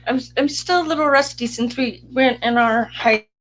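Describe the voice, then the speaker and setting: Casual female co-host, slightly high voice, chatty and upbeat. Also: fairly bright tone, rough recording. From Utah. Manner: chatty, upbeat, quick asides. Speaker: podcast co-host. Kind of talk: casual chat.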